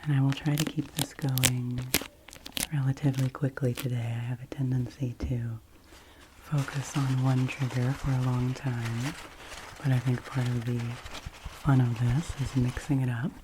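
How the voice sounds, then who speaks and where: A woman making an ASMR video, speaking in a soft, affirming whisper into a binaural mic and moving between the ears. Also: rumbling low, level tone, measured pace, noisy background. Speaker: ASMR creator.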